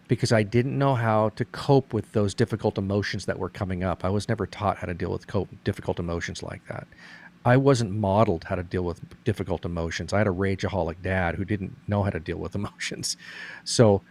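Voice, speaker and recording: Gravelly low-voiced man explaining earnestly. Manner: earnest, explains with many restarts. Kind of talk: casual conversation.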